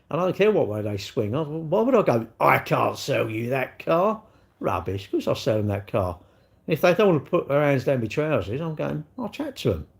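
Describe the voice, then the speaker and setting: A man's voice: fairly high pitch, a little mellow. A man with a British accent hosting a casual livestream, answering chat comments in a blunt, rambling way. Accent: British English.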